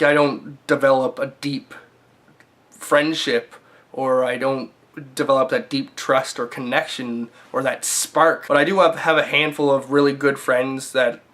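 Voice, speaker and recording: Man, casual vlog, earnest, reflective, chatty, mid-pitched voice. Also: fairly bright tone. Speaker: vlogger.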